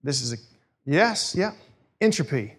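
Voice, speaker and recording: A man's voice: a little high, a little slow, breathy edge. A man preaching a sermon in a casual, storytelling way. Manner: conversational storytelling, animated. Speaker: pastor.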